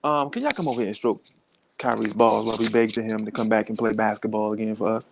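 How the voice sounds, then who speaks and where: A man's voice: lowish voice, fairly even intonation, fast, gravelly, noisy background, pitched below the performer's own voice. Man doing a desperate male team exec, wheedling and pleading. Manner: begging, wheedling.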